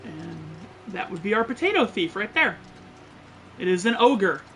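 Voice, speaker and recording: A man's voice: high voice, very animated, unhurried, a bit bright, slight background noise. A man streaming a game, giving joking, profane, blunt commentary. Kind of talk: casual gameplay commentary.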